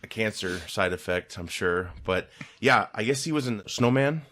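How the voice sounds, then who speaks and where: Chatty man with a bright voice. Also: on the low side, animated, moderate pace. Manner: chatty, laughs often while talking. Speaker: podcast co-host. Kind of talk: casual chat.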